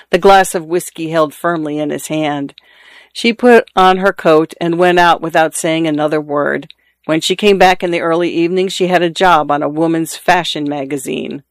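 A man reading a literary short story aloud in a measured, even narrating manner. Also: fairly high pitch, dry recording. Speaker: audiobook narrator.

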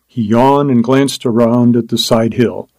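A man's voice: mid-range voice, fairly even intonation, darkish tone, no echo, low-quality recording. Man narrating a storybook, dry sound. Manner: measured, descriptive reading. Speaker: audiobook narrator. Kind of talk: scripted narration.

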